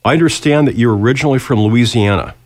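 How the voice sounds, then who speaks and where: A man's voice: mid-range voice, fast talker, a little mellow, dry recording. A man hosting an interview, chatty and fond of telling stories. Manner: chatty storyteller. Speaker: radio host. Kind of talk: interview talk.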